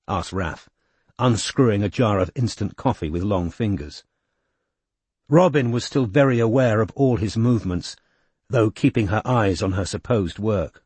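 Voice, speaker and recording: A man narrating a novel in a measured, expressive way. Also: on the low side, husky, no room sound. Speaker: audiobook narrator. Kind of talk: scripted narration.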